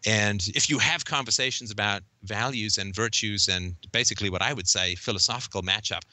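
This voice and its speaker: A man with a hard-to-place British-Canadian accent talks at a brisk clip, dropping dry jokes as he chats. His voice sounds very sharp and forceful, though it sits a little low. The recording is close and dry, with no room around it. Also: dry recording. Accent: mixed British and Canadian. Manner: quick, wry and joking. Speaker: podcast guest. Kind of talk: casual interview chat.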